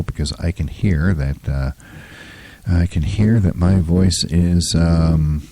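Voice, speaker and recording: A man in his fifties with a hoarse, scratchy throat talks with a very deep, husky voice. He hosts a solo talk show in an opinionated, rambling way, full of ums and uhs. The recording is dry and close. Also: takes it slowly, dark tone, no room sound. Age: 50s. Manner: opinionated, rambling with many fillers. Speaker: podcast host.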